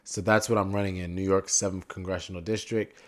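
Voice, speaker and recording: A young man chatting as a podcast guest, animated and rambling, often drifting off on tangents. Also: sits low, brisk. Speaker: podcast guest, political candidate. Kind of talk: casual interview chat.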